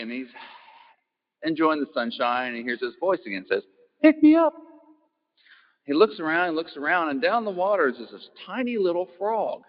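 A man giving a relaxed, folksy talk, poking fun at himself and asking the audience questions. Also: medium pitch. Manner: easygoing, self-deprecating, asks the audience questions. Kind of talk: folksy talk opening with a joke. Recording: muffled sound in an echoey hall.

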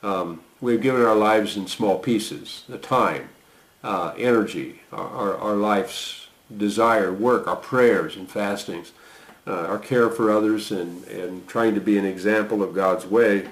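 A man preaching a sermon, reading scripture aloud with a lifted voice and dropping into quiet, conversational asides. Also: measured pace. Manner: lifts voice to read quoted lines, drops low for reflection. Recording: roomy echo.

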